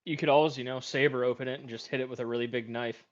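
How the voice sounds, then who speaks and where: Calm man on a lo-fi voice call. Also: mid-range voice, racing. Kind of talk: casual chat.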